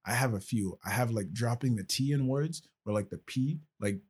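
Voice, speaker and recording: A man's voice: mid-range voice, normal speed, darkish tone, slightly rough. A male podcast host talking casually and explaining at length, checking in often with "right?". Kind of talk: casual conversational podcast talk.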